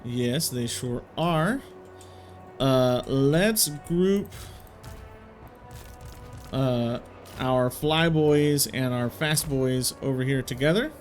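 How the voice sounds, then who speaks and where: A man's voice: medium pitch, extremely slow, pauses often, soft background music. A man hosting a strategy game let's play, thinking aloud as he plays and talking in casual slang. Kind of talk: video game commentary.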